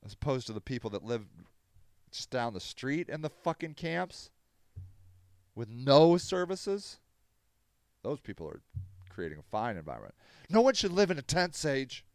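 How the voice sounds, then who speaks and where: A man's voice: medium pitch, very animated, normal speed, pauses often, darkish tone, no echo, clean studio sound. A man hosting a podcast, ranting angrily with heavy swearing and sarcasm while reading out and mocking news quotes. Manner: heated, profane, sarcastic. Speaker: podcast host running a tent shelter. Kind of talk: angry podcast rant.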